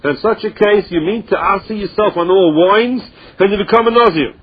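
A man's voice: high-pitched, fairly quick, breathy edge. A man teaching a Talmud lesson, reading the text in a study chant and explaining it in English. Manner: mixes Aramaic and Hebrew terms into English, explaining in a chanting study rhythm. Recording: dull lo-fi recording.

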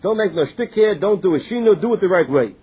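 A man's voice: sits high, lively intonation, fast talker, husky. A man teaching a Talmud class, reading lines and explaining them in English with frequent restarts. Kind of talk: Talmud class, translating text. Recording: tinny phone-line audio.

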